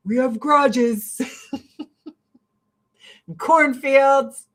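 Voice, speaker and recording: A woman's voice: high voice, extremely slow, fairly bright tone. Blunt, foul-mouthed woman chatting casually. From rural Illinois, US Midwest. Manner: blunt, profane and chatty, with frequent laughs. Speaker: vlogger and host. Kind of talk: casual get-ready-with-me chat.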